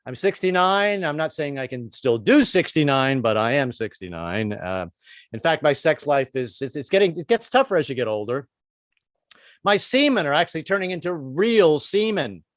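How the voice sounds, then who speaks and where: A man's voice: fairly high pitch, sing-song, moderate pace, no echo, studio quality. A man in his sixties doing a stand-up comedy set, rambling and self-deprecating with stammered restarts. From United States. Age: 60s.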